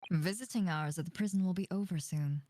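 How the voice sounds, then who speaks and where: A woman reading lines for a brisk, proper gentleman in a game. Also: lowish voice, background noise, voice pushed down, close to an everyday voice.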